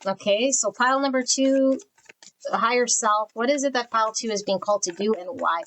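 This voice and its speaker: Woman tarot reader with a somewhat high voice, direct and unsugarcoated delivery. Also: moderate pace, a bit bright, low-quality recording. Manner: blunt, spiritual, channels energy. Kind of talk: pick-a-card tarot reading.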